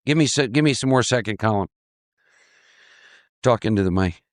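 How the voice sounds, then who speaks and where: A man leading a live recovery workshop, talking in an animated, repetitive way and laughing often. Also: on the low side, normal speed, dry recording, studio quality.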